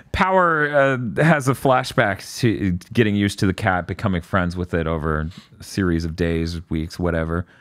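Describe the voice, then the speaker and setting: A man's voice: low-pitched, unhurried, a bit bright, dry recording, clean studio sound. A young man hosting a podcast, recapping episodes in casual chat and often slipping into character voices. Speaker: podcast host.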